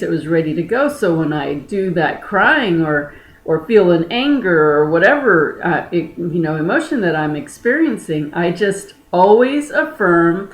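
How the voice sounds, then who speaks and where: Frank, emphatic woman in an echoey room. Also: lowish voice. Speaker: energy healer. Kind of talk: casual motivational talk.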